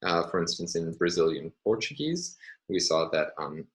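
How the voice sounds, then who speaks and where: A middle-aged man lectures to students in a very deep, low-pitched voice. He speaks in a measured, careful way, often pausing on fillers as he works through his points. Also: very animated, low-quality recording. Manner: measured, hesitant with frequent fillers. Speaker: university lecturer. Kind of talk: recorded university lecture.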